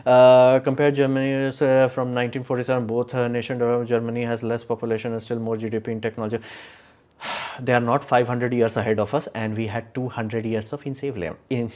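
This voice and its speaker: A man's voice: mid-range voice, a little mellow. Rambling opinionated man on a live stream. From India. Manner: opinionated, rambling with many fillers and restarts. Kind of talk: casual live stream talk.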